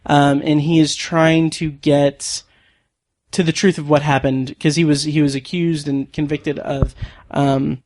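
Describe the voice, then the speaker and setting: A woman's voice: sits low, little pitch movement, a little slow, darkish tone. A woman co-hosting a podcast, chatting casually about TV shows with many fillers and frequent laughs. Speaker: podcast co-host. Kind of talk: casual chat and show review.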